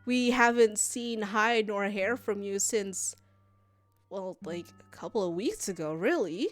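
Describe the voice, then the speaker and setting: A woman's voice: medium pitch, a little slow, faint music behind, close to an everyday voice. A woman voicing an exasperated masked companion who chides a friend. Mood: chiding. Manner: incredulous, chiding.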